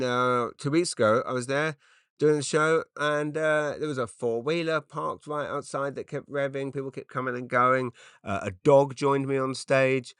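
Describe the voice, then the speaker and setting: A middle-aged English man hosting a podcast, telling rambling comic stories with quick asides and restarts. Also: medium pitch, fairly bright tone, clear, resonant tone, no echo, studio quality. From England. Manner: chatty, self-interrupting, quick asides. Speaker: podcast host. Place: makeshift home studio padded with cushions.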